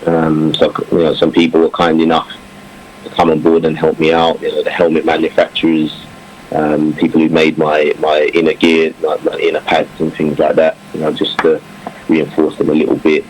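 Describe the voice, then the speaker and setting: A former English cricketer chatting in an interview, reflective, with many fillers and restarts. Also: male voice, extremely low pitch, monotone, normal speed, a little mellow, rough recording. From England. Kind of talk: casual interview talk. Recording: faint background noise.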